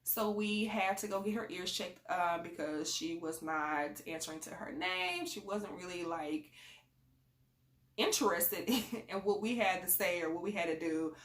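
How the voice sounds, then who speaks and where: A woman's voice: on the low side, lively intonation, a little slow, a bit bright. A woman talking casually in a rambling, conversational way, giving parenting advice in a vlog. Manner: chatty and conversational, rambling with fillers. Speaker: parent sharing advice on a channel. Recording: echoey room.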